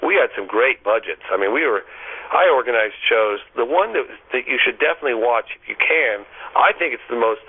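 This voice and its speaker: A middle-aged man telling a story as an interview guest, animated, often stammering and repeating words. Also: medium pitch, a little fast, slightly rough. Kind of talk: casual storytelling. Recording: tinny phone line.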